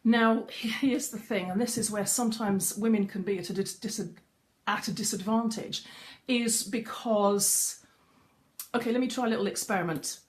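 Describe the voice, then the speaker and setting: A woman's voice: mid-range voice, moderate pace. A middle-aged woman giving a chatty live-streamed lesson as a voice coach, greeting viewers as she goes. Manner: chatty, greets viewers mid-talk, frequent restarts. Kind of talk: facebook live coaching talk. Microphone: webcam or phone on a live stream.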